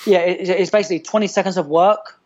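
A man talking as a fitness trainer in a casual podcast chat, loose and animated, full of restarts and "like". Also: high voice, fast, muffled recording.

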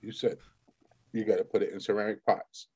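A man's voice: on the low side, little pitch movement, brisk, mellow, husky. A man co-hosting a podcast, joking around in casual banter and swearing freely. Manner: profane, joking, laughs often. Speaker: podcast co-host.

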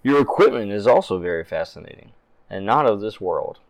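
Man doing a cool businesswoman interrogator, measured, slightly low voice. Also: lively intonation. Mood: cool, probing. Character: composed businesswoman interrogating a prisoner.

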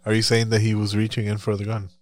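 A man's voice: on the low side, monotone, fast talker, dry recording. A man co-hosting a podcast, reacting bluntly to news clips with frequent swearing and laughter. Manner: blunt, profane, laughs a lot. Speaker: podcast co-host.

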